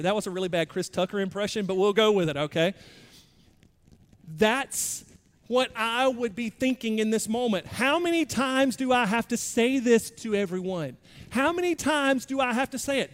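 A man preaching a sermon in a conversational, self-deprecating way, moving between quiet asides and louder bursts. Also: extremely high pitch, normal speed, long reverb tail. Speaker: pastor.

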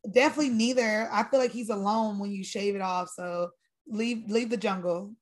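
A woman's voice: mid-range voice, steady tone, normal speed. A woman co-hosting a podcast, teasing playfully in casual chat. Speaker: podcast co-host.

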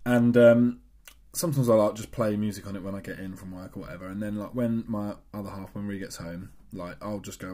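A man's voice: on the low side, fairly even intonation, fairly quick, warm tone. A young man, co-hosting a casual podcast chat, laddish and laughing often at crude stories. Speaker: podcast co-host.

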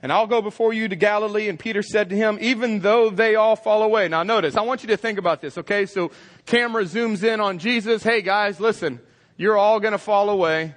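A man, preaching a lively, joking sermon and acting out scenes. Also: high-pitched, fast. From Texas. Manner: energetic, joking, acts out scenes in voices. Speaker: pastor. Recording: long hall reverb.

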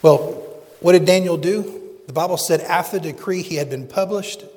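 A man preaching a sermon in an earnest way, slowing down to stress verses of scripture. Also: high voice, darkish tone, big-room sound. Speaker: pastor.

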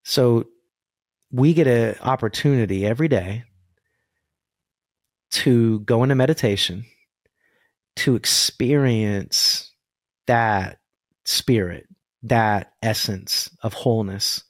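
A man's voice: medium pitch, takes it slowly, pauses often, dry recording, clean studio sound. A man who works as a voice coach, talking earnestly about spirit and energy in a podcast conversation over a video call. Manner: earnest, spiritual, animated storytelling.

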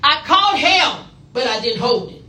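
A woman's voice: high-pitched, sing-song, measured pace, bright, forceful tone, reverberant, recorded from a distance, a little hiss or hum. A woman preaching a sermon in short, punchy call-and-response bursts, playful and acting out little asides. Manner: playful, acts out asides and quotes.

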